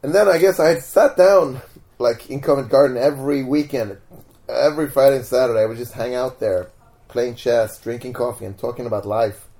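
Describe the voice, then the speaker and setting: Here the Swedish-accented man from Sweden speaks briskly in a mid-range voice. He's an interview guest at home, casually telling stories at an easy pace, full of "like"s and restarts.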